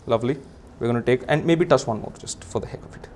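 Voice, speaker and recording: A man's voice: mid-range voice, fast, a little mellow. A young man with an Indian English accent, hosting a live magic act with playful, teasing, theatrical commands on stage before an audience. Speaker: comedian and magician host.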